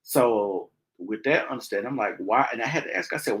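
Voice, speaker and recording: A young man hosting a podcast, telling a personal story in a casual, animated way and acting out the quoted voices. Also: fairly low pitch, fairly quick, few pauses, poor audio. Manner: animated, acts out quoted speech in raised voices. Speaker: podcast host.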